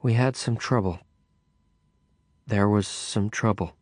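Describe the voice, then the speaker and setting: A man voicing a young woman, soft and a little raised, first chatty and later shaken and numb. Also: lowish voice, slow pace, dry recording.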